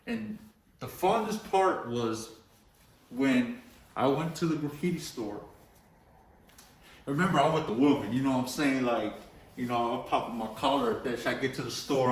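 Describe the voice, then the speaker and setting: A Los Angeles graffiti artist, guesting on a casual storytelling interview, spins profane street-slang tales and keeps dropping "bro" and "you know." His male voice sits at a medium pitch, recorded in an echoey room with a distant mic and slight background noise.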